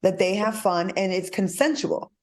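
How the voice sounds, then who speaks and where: A woman's voice: mid-range voice, normal speed, music in the background. A woman hosting a talk show, bantering in a sassy, blunt and playful way with her co-hosts.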